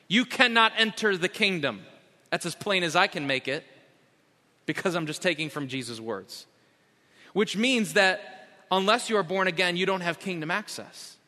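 A man preaching a sermon as pastor, emphatic, slowing down to repeat key phrases. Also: high voice, sharp tone. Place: church sanctuary. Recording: long hall reverb.

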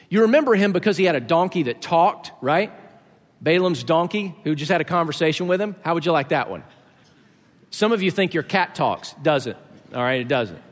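A man preaching a sermon, explaining scripture in a conversational way with joking asides to the congregation. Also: sits high. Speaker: pastor. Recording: echoey hall.

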